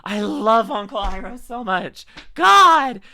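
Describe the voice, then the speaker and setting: A streamer giving a casual reaction commentary, rambling and excitable with lots of fillers and laughter. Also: medium pitch, slow pace, creaky. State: tearing up.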